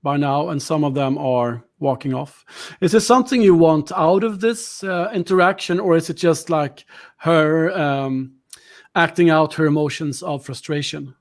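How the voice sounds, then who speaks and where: A man's voice: fairly high pitch, normal speed. A man narrating a tabletop game as game master, with hesitant fillers.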